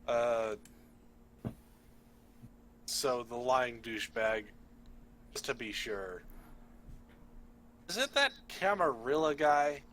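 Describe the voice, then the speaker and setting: A man playing in a tabletop role-playing game, talking haltingly and thinking aloud with many pauses. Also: mid-range voice, animated, a bit bright, a little hiss or hum. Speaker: player.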